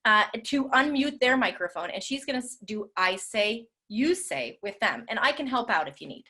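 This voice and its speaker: A woman leading a drama workshop over a video call, chatty and animated with many fillers. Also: fairly high pitch, normal speed, slightly rough.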